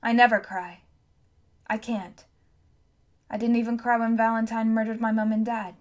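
A woman reading an audiobook, voicing a bewildered, tearful teenage boy with an earnest, pleading manner that climbs high when he is upset. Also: level tone, normal speed, close to an everyday voice.

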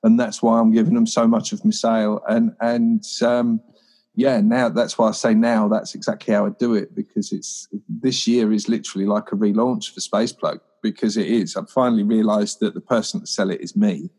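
A man's voice: fairly low pitch, little pitch movement, normal speed, darkish tone. A man, an inventor guest on a podcast, talking earnestly with frequent restarts. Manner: earnest, self-correcting, lots of ums and repeated starts. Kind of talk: casual chat.

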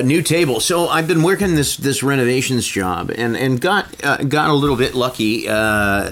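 A man co-hosting a podcast from his dining room over a video call, joking and rambling with plenty of fillers. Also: mid-range voice. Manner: animated, jokey, rambling with fillers. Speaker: podcast co-host. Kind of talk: casual chat.

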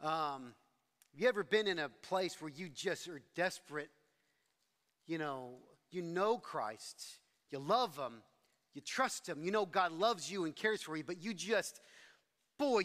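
A middle-aged man preaches with a high-pitched, somewhat bright voice, the sound carrying the feel of a large room. As a pastor sharing a personal story, he's conversational and pokes fun at himself, with frequent restarts.

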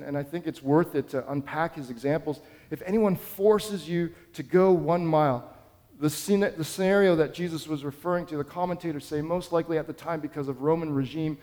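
A man's voice: fairly high pitch, dark tone, in a large hall. A man preaching a sermon as pastor, telling a story in an earnest, conversational way.

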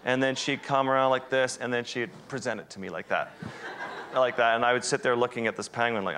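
A man in mid-range pitch tells a wildlife adventure as a live presentation. He is animated and self-deprecating, tossing in vivid asides as the story unfolds. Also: a little fast, slight background noise. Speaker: wildlife photographer giving a talk.

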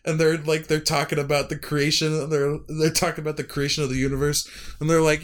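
Man, game master, rambling narration, fillers and restarts, slightly high voice. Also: little pitch movement, a little fast. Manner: rambling, full of likes and restarts, laughing often.

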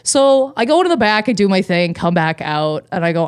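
Woman podcast co-host, comic storyteller, lively and loose, swears a lot, mid-range voice. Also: mid-range voice, a little fast, clear, resonant tone. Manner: animated, swears freely, laughs often. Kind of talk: casual comedic storytelling.

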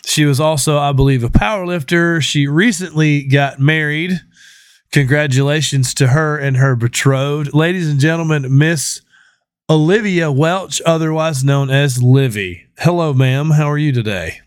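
A man's voice: a little high, a little slow, clean tone, no echo, studio quality. A man hosting a podcast in casual chat, joking and swearing freely. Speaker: podcast host.

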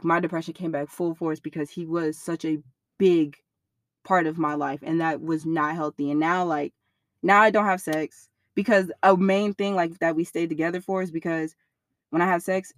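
A young woman in an interview, telling a personal story in a blunt, profane, animated way. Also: on the low side, no room sound, studio quality.

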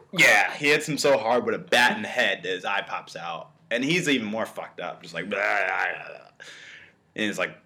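A young man co-hosting a podcast, chatting casually and acting out the scenes he retells. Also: on the low side. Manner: animated storytelling, acts out quotes. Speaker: podcast co-host. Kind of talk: casual chat.

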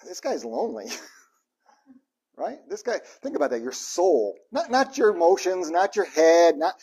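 Lively, husky-voiced man preaching. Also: on the high side. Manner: lively and joking, acts out the psalms' cries to God. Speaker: pastor. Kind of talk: conversational sermon.

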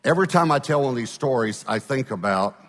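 A man's voice: medium pitch, animated, quick pace, fairly bright tone, big-room sound. A male pastor telling a story in a sermon, talking conversationally and often checking in with his listeners.

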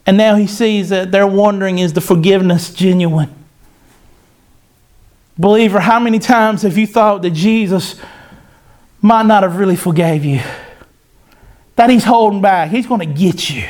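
A man preaching a sermon to his church, fervent and repetitive, with folksy phrasing and sudden loud bursts. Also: high-pitched, normal speed. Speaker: pastor.

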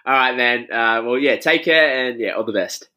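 A man's voice: medium pitch, normal speed, pushed and bright. A young Australian man in his twenties hosting a podcast in casual chat, loose, laughing and swearing often. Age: 20s. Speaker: podcast host.

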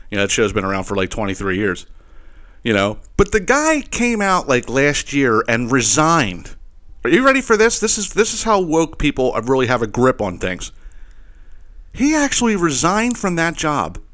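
A man hosting a solo podcast, ranting in a profane, animated way with laughing asides and repeated "you know what I mean". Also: on the low side. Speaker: podcast host.

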